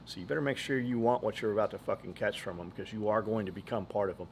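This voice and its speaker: A man's voice: fairly low pitch, fast, gravelly, a little hiss or hum. A man hosting a podcast in casual chat, blunt and profane, rambling from story to story. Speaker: podcast host.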